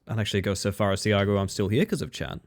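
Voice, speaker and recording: A man with a fairly low voice, commentating his own speedrun live for his chat. He thinks aloud and stops to correct himself mid-sentence. He sounds a little tired at the late hour. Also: racing. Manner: chatty, self-correcting, thinks aloud while playing. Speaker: streamer. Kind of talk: casual gameplay commentary.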